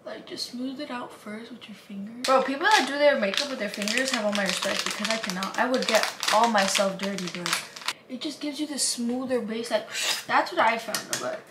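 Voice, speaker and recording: A woman's voice: a little high, fairly quick, reverberant. A young woman talking casually to her camera in a vlog, chatty and swearing now and then, slipping Spanish words into her English. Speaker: vlogger. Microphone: handheld camera. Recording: camera mic with clear background noise.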